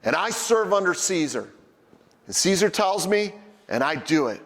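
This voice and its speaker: A man's voice: sits high, very animated, moderate pace, a bit bright, big-room sound. A middle-aged man preaching a sermon as a pastor, telling everyday stories in a conversational, humorous way. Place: church sanctuary.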